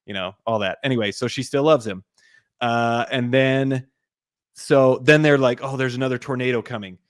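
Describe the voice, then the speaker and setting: A man's voice: mid-range voice, moderate pace, dry recording, clean studio sound. Rambling man recapping a movie. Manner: rambling retelling, lots of "like", acts out quotes. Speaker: podcast co-host. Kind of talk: casual movie recap chat.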